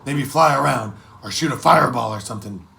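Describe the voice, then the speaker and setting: A man's voice: medium pitch, fairly quick, gravelly, sharp tone. A man voicing a boastful, jolly male pirate king who blusters and teases in a storybook reading. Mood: jovial. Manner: blustering, teasing.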